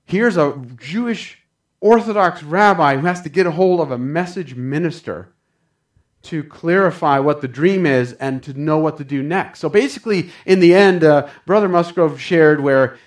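A man delivers a sermon in a fervent, storytelling way, often addressing his congregation as saints. His voice sits somewhat higher than most men's. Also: moderate pace. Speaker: preacher.

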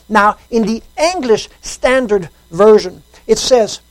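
A man's voice: expressive, slow pace, hardly any pauses, no echo, low-quality recording. Male preacher, dry sound. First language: French. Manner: impassioned preaching, rising to loud high emphasis. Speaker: pastor. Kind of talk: sermon. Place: church service.

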